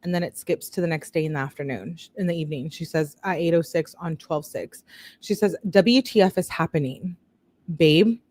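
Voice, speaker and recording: A woman's voice: low voice, fairly even intonation, fairly quick, a little mellow. Chatty woman reading texts aloud. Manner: chatty, breaks off to react and talk to viewers. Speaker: true-crime video host. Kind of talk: casual commentary reading text messages aloud.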